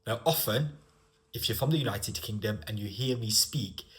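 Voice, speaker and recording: A man with a northern English accent, giving an online English lesson with slow, deliberate explanations. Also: fairly low pitch, a bit bright. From northern England. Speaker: English teacher.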